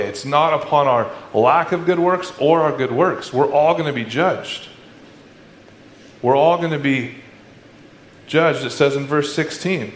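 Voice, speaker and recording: A man preaching a sermon as a pastor, in a conversational, animated way with sarcastic asides. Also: mid-range voice, a little hiss or hum. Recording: echoey room with faint ambience.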